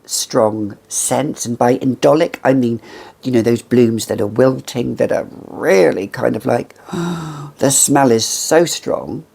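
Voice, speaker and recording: A woman's voice: extremely low pitch, unhurried, creaky, dark tone, breathy edge. A woman in her fifties reviewing fragrances in a chatty, theatrical way with gushing asides. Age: 50s. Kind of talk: casual chat to camera.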